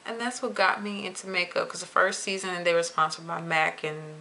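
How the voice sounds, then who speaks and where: A young adult woman vlogging to camera in a chatty, expressive way, stretching words for emphasis. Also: fairly low pitch, brisk, vocal fry, slight background noise. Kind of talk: casual chat to camera.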